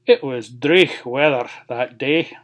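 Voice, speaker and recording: A storyteller with a Scots accent, reading a fairy tale aloud with lively expression. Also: mid-range voice. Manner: expressive, lilting, slow.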